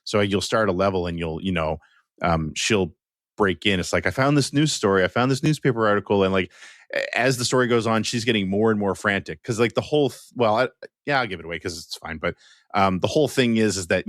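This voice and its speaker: A man's voice: low-pitched, a bit bright, no echo, clean studio sound. A man co-hosting a podcast, talking in an easygoing, rambling way with many fillers. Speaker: podcast co-host. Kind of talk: casual chat.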